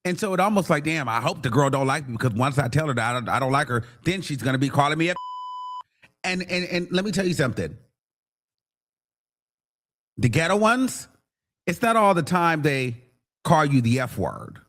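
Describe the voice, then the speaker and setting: A man talks straight to his livestream viewers, blunt and animated, his voice sitting a little above the usual male range. He breaks off now and then to mimic other people. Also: a little high, normal speed, long pauses. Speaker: livestream host. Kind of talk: casual commentary to viewers.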